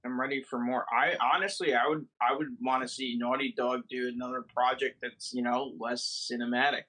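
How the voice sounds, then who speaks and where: A man co-hosting a casual podcast chat, speaking in an earnest, halting way. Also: mid-range voice, steady tone, bright, forceful tone, low-quality recording. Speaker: podcast co-host.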